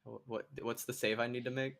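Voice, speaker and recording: A man plays in a tabletop game, joking around and stammering now and then. His voice sits at a middle pitch. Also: flat delivery, fairly quick, gravelly, fairly bright tone. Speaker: player. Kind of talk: casual tabletop game play.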